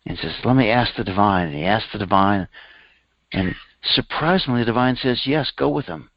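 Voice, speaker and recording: A man's voice: moderate pace, dry recording. Man, sermon storyteller, acts out characters, dry close sound, muffled lo-fi. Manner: animated storyteller, voicing characters with raised pitch. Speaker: spiritual teacher.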